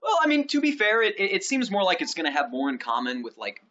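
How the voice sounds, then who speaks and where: A man co-hosting a gaming channel, chatting excitedly about an upcoming game and promoting the channel's videos. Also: quick pace. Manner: excited, pitching the channel, stumbling restarts. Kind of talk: casual game news chat. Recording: dull lo-fi sound.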